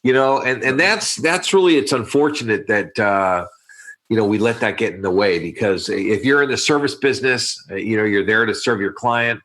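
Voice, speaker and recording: A man's voice: on the low side, moderate pace, fairly bright tone. A man hosting a podcast interview, talking casually and repeating words as he thinks aloud. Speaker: podcast host.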